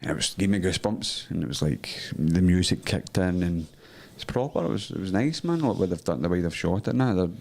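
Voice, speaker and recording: Deep-voiced man telling a story. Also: expressive, a little fast, vocal fry, hardly any pauses, darkish tone. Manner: loose storytelling, full of "like". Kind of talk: casual chat.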